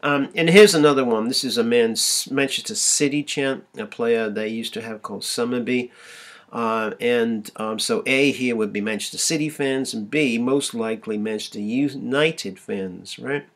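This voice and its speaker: Man giving a halting university lecture. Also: medium pitch. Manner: many fillers and restarts, chants sung out in a raised voice.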